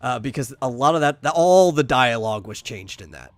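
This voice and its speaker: A man's voice: mid-range voice, lively intonation, a little fast. A man co-hosting a casual podcast chat who rambles and restarts his sentences, repeating words as he goes. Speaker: podcast co-host.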